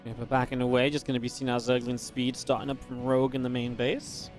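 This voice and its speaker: A man giving live play-by-play commentary on a strategy game match, quick and excitable, with restarts and filler words. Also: mid-range voice, faint music behind. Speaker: esports caster.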